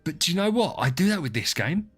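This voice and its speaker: A man's voice: on the high side, big pitch swings, fast talker, a bit bright, slightly rough. A man, live-streaming and chatting casually to his viewers, rambling and joking about himself. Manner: rambling, self-deprecating, talks to chat by name. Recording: faint music behind.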